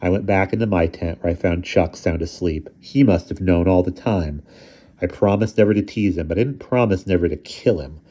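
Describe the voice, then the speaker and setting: A man reading a children's novel aloud, narrating and acting out the boys' dialogue in raised, excited voices. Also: low voice, fairly quick. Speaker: audiobook reader. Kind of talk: storybook narration. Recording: dull lo-fi recording.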